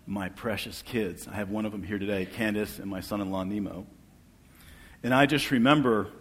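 A middle-aged man giving an earnest church testimony, asking for amens and dropping soft and low at tender moments. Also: husky. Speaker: guest speaker sharing testimony. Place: church hall. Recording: long reverb of a large hall.

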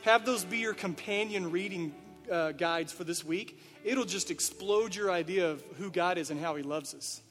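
A pastor with a high voice preaches earnestly, putting question after question to his listeners. His sermon rings through a reverberant church sanctuary. Soft music plays underneath. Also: normal speed, hardly any pauses. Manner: earnest, direct address with rhetorical questions. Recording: reverberant hall with faint music.

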